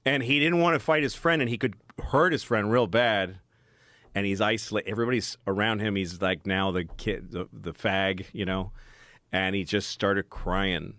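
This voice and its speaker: A man with a fairly low voice tells loose, rambling stories in a relaxed podcast chat. His voice sounds close and dry, with no room echo. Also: moderate pace. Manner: rambling anecdotal storytelling. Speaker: podcast guest. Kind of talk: casual podcast conversation.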